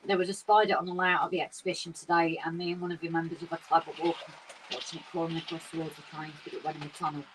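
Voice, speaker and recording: A chatty, excitable woman co-hosting a casual livestream, her voice sitting a little back from the microphone. Faint room noise hums behind her as she talks. She laughs often and jumps between topics. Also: deep voice, racing. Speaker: livestream co-host. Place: garden shed with model railway. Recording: slightly distant mic with faint room noise.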